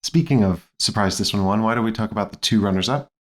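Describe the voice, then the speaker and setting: Very deep-voiced podcast host. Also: male voice, fast. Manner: relaxed, steers the talk between topics. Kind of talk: casual chat.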